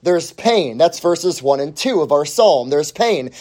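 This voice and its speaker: A man's voice: fairly high pitch, lively intonation, measured pace, few pauses, a little mellow. A man preaching a sermon as pastor, emphatic and repeating his key phrases for weight.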